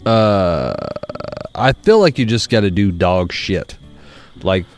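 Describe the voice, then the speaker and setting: A man's voice: sits low, slow pace, soft background music. A young man, co-hosting a podcast in casual chat and telling stories with plenty of swearing. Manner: animated storyteller, swears freely. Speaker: podcast co-host.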